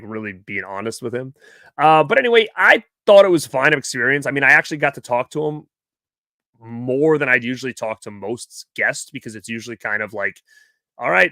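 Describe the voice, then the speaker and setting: A man's voice: mid-range voice, pushed and bright, no echo, studio quality. A man hosting a live stream, casually telling a rambling story and quoting the people he met. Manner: rambling, chatty, quotes people in his stories. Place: home movie room.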